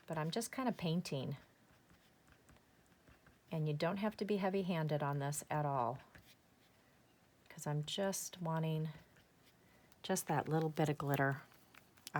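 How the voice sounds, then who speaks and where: A woman hosting a craft tutorial, chatting enthusiastically as she works step by step and talking to herself. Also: sits low. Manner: chatty, enthusiastic, talks to herself while working. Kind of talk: casual step-by-step craft demonstration.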